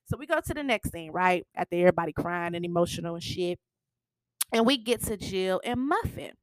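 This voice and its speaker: A woman's voice: lowish voice, animated, a little fast, no echo. A woman giving a casual, sassy recap of a TV episode. She laughs often and acts out the characters' lines as she goes. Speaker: TV recap vlogger.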